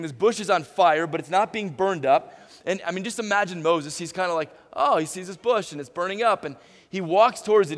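A man preaching a sermon as pastor, animated, stumbling and restarting often, and acting out little dialogues. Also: fairly high pitch. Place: church sanctuary. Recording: reverberant church hall.

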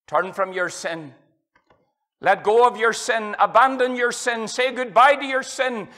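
Unhurried and steady in tone, this middle-aged preacher from Northern Ireland has a strikingly high, bright and forceful voice. He preaches an evangelistic revival sermon in a church hall, climbing to loud passion and sinking to a hush, with scripture quoted in archaic wording.

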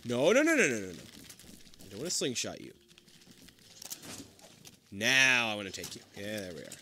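A man playing a co-op game with a friend, excitable and swearing, swinging between yelling and muttering. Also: fairly low pitch, moderate pace, a little hiss or hum. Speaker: gamer. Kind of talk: casual co-op game commentary.

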